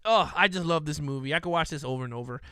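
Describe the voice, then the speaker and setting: A man's voice: fairly high pitch, quick pace, pushed and bright, clean tone, no room sound, studio quality. A man co-hosting a live movie podcast, chatting casually and enthusiastically, often laughing. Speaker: podcast co-host.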